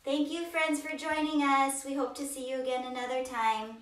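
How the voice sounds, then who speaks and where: A woman teaching a children's yoga storytime, reading aloud in a slow, coaxing, sing-song way. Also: high-pitched, a bit bright. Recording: roomy, distant from mic.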